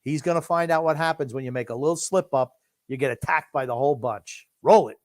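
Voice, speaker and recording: A man's voice: medium pitch, quick pace, dry recording, studio quality. An older man co-hosting a casual chat, giving wry, playful commentary on a video clip. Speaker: podcast co-host.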